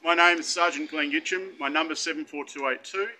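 A man's voice: on the high side, fairly even intonation, brisk, sharp tone, rough recording. An Australian man speaking as a police sergeant, curt and formal, outdoors. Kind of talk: official exchange.

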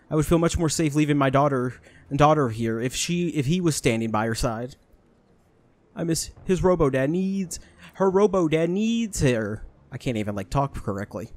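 A man's voice: a little high, expressive, moderate pace, no echo. A young man doing let's play commentary, joking and talking to the characters on screen. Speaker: gaming YouTuber.

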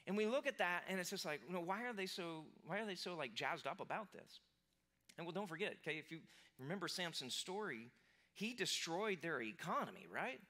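In a church sanctuary, a pastor with a high, expressive voice preaches at a fairly quick pace, his tone pushed and bright. His sermon is casual and conversational, full of fillers and restarts, and he acts out the lines of the people he describes.

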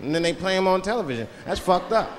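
A man performing a stand-up comedy routine, animated and acting out characters. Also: high-pitched, fast talker, noisy background. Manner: animated, acts out characters and voices. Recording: live club recording with loud crowd, long reverb. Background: audience laughter.

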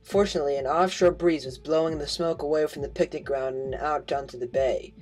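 A man's voice: fairly high pitch, fairly even intonation, brisk, darkish tone, rough recording. A man reading a novel aloud as an amateur audiobook, stumbling and correcting himself as he goes. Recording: home recording with faint music.

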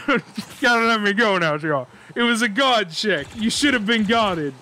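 A man hosting a gaming video, chatting casually and yelping excitedly as he plays. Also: high voice, moderate pace. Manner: excitable, yelps and shouts. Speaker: gaming channel host.

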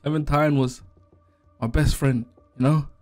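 A man giving a joking eulogy in a deadpan, mock-emotional way. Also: a little high, measured pace, soft background music. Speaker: eulogy speaker.

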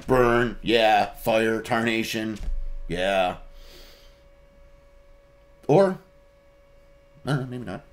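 A man's voice: on the low side, very slow, pauses often. A man, a podcast guest ranting casually and swearing constantly. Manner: profane, ranting.

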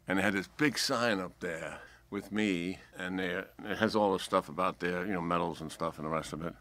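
A man in his seventies with a New York accent, a guest telling a long anecdote and acting out the dialogue. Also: low voice. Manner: animated storyteller acting out dialogue. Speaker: retired general, guest.

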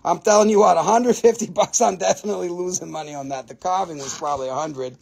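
A man's voice: high voice, quick pace, vocal fry, darkish tone, breathy edge. A man hosting a live crystal sale, joking, swearing and haggling over prices in casual talk. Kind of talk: casual live sales stream.

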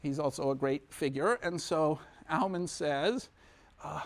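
A male university lecturer talks to his class in a loose, conversational way. He sounds lively, pitched high, and often restarts or breaks off into asides. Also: a little slow. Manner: conversational, many restarts and asides, animated storytelling. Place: lecture hall.

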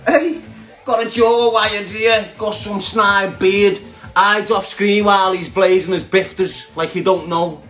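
A man's voice: high-pitched, fairly even intonation, a little slow, fairly bright tone, faint music behind. A man with a Scouse accent ranting casually to viewers, sweary and mocking, laughing at his own jokes. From Liverpool, England. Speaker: online commentator.

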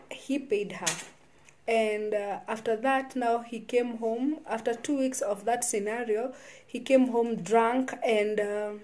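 A woman telling her own life story in a vlog, halting and often restarting her sentences. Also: a little high, warm tone. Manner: halting, with frequent restarts and repeated words. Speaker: vlogger.

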